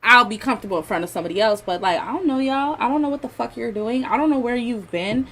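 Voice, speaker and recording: Woman, podcast co-host, bright sharp voice, high-ish pitch, outspoken, chatty. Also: fast, low-quality recording. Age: adult with a son. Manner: outspoken, chatty, agrees a lot. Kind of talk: frank casual girl talk.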